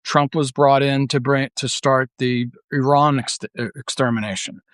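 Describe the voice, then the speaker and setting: A man's voice: medium pitch, level tone, moderate pace, a bit bright, dry recording. A man giving a casual monologue as a political commentator, rambling and blunt, full of filler words and restarts. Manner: blunt and profane.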